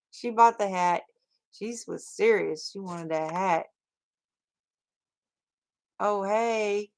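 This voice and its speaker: Woman hosting a casual livestream, unhurried, rambling, mid-pitched. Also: vocal fry. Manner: rambling and chatty, with many fillers. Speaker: crafting livestream host.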